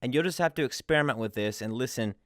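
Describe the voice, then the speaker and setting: A man explains pronunciation patiently, walking through one example after another. His voice is smooth and resonant, and it sits at an ordinary middle pitch. The sound is dry and close, with no room echo. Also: fast, a bit bright. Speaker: language teacher.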